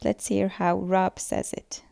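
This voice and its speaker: A woman's voice: mid-range voice, level tone, slow, vocal fry, mellow. A woman giving a scripted student presentation on pronunciation, explaining steadily with occasional fillers. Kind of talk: school presentation voice-over.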